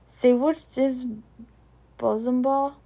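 A woman's voice: high voice, fairly even intonation, slow pace, vocal fry, mellow, voice pushed up, full character voice. A woman with a Scottish accent voicing an anxious, curious young boy wizard, earnest and questioning.

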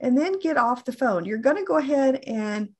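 A middle-aged woman coaching on phone sales in an earnest, deliberate way, often repeating herself for emphasis. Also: high voice, expressive. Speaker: insurance sales trainer.

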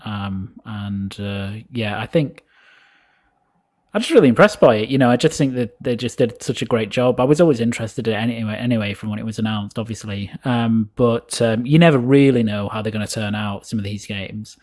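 A man co-hosting a casual game chat, hesitant with many ums and trailing off quietly. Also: lowish voice, brisk. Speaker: podcast co-host.

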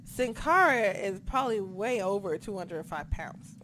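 A woman chatting casually about a wrestling show, excitable, swearing a lot and losing track of names as she talks. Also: mid-range voice, measured pace. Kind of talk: casual chat.

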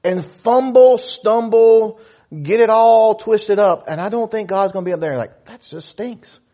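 A man preaching a conversational sermon, animated, slipping into playful asides. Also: high-pitched, a little slow, dull audio. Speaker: pastor.

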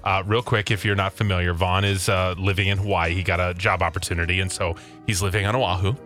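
A man co-hosting a podcast, chatting casually and telling stories in an animated way, with frequent laughs. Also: sits low, fast talker, faint music behind. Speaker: podcast co-host. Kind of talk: casual chat, storytelling.

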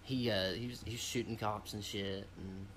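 A young man co-hosting a podcast, telling a rambling story in casual chat with loud laughs and swearing. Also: on the low side, fairly even intonation, moderate pace, a little hiss or hum. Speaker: podcast co-host.

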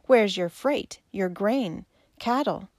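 A woman voicing an irritable, wealthy male traveler who speaks in a sharp, edged, scornful way. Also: mid-range voice, animated, slow pace, dry recording, clean studio sound. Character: contemptuous rich eastern traveler, irritable man.

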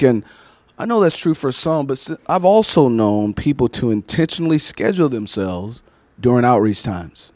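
In a dry recording, a man with a slightly high voice preaches at a moderate pace. His sermon is built on stories, and he animatedly performs the voices of those in them.

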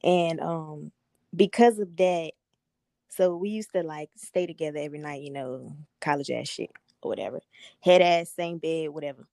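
A young woman hosting a podcast, telling a personal story in a candid, profane, animated way. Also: low-pitched, moderate pace, creaky, no room sound, clean studio sound. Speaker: podcast host. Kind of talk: casual storytelling chat.

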